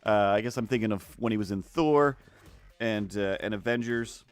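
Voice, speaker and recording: A man's voice: lowish voice, normal speed, clear, resonant tone, faint music behind. A man chatting casually while he draws on a livestream. He rambles with lots of restarts and keeps slipping into silly voices. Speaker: art streamer. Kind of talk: casual chat while drawing.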